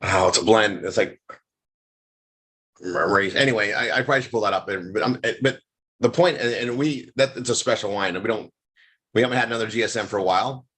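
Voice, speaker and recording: Husky rambling man tasting wine. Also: on the low side, fairly quick, fairly bright tone. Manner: rambling, restarts often, savoring food aloud. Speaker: host. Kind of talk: casual live chat while tasting food and wine.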